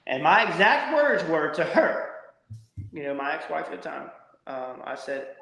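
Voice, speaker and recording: A middle-aged man, a former college pitcher telling lively stories as a podcast guest and acting out quotes. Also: moderate pace, vocal fry. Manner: animated storyteller, acts out quotes. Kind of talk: casual storytelling. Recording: echoey room.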